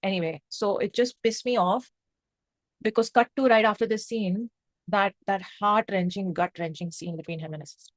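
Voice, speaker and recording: A woman's voice: mid-range voice, moderate pace, no room sound. Passionate woman reviewing a film. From India. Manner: passionate and emotional, rambling with restarts. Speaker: movie reviewer. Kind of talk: unscripted review chat to camera.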